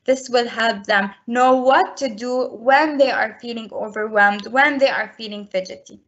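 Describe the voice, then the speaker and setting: Brief: woman presenter on a video call, slightly high voice, earnest and explanatory, dull lo-fi audio. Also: normal speed, fairly bright tone. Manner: earnest, explanatory, many restarts. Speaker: presenter at a school webinar for parents. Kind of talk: webinar talk with slides.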